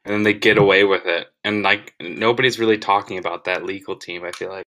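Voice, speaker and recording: A man's voice: deep voice, steady tone, pushed and bright, low-quality recording. A young adult man co-hosting a podcast, talking casually with lots of fillers and firm opinions. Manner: quick, filler-heavy, opinionated. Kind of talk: casual chat.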